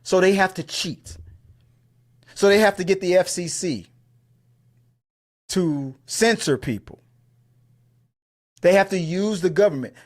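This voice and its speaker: This man co-hosts an entertainment news show, talking in a high-pitched voice at a measured pace with long pauses. His commentary is heated and casual, with profanity and lots of stammering restarts.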